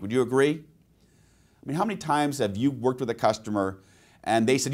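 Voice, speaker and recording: A male sales trainer leading a webinar, with a mid-range voice that rises and falls in a very lively way. He tells stories from his own life and keeps turning to his listeners with rhetorical questions. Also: medium pitch, fairly quick. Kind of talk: webinar sales presentation with personal anecdotes.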